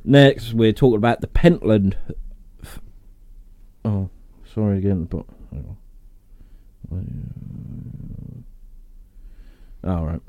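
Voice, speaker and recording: A man's voice: on the low side, expressive, slow, creaky, long pauses, warm tone. A man hosting a podcast, chatting casually, reading out facts and joking and swearing between laughs. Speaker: podcast host.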